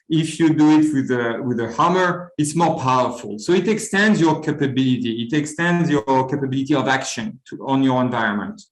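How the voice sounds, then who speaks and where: A man's voice: mid-range voice, echoey room, low-quality recording. A man giving an academic seminar talk as lecturer, speaking earnestly and often repeating words as he searches for them. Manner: earnest, with frequent stuttered word repeats.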